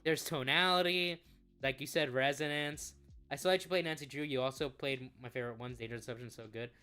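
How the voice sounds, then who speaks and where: A man's voice: medium pitch, fast talker, pushed and bright, smooth, soft background music. A man co-hosting a casual reaction stream, joking and bantering about online drama. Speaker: co-host reacting to clips.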